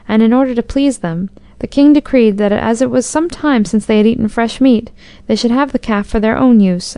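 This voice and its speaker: A woman narrating a storybook in a measured, expressive reading. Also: a little high, smooth, dry recording.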